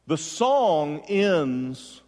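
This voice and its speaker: A man's voice: on the high side, big pitch swings, drawn-out words, a little mellow. A man preaching a sermon as pastor, building emphasis and asking the congregation direct questions. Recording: long hall reverb.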